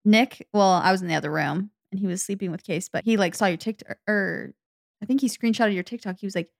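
A woman co-hosting a podcast, chatting in an animated, gossipy, teasing way. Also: mid-range voice, fast, vocal fry, dry recording, clean studio sound. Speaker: podcast co-host. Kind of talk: casual chat.

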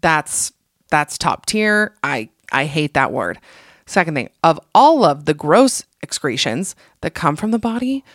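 A woman hosting a podcast, chatting casually and reading listener stories aloud with animated laughter. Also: low voice, a little slow, dry recording, clean studio sound. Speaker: podcast host.

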